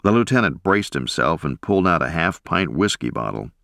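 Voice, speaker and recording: A man reading a first-person memoir aloud as an audiobook narrator, in a measured, dramatic way. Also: a bass voice, sing-song, vocal fry, a bit bright, no echo, studio quality.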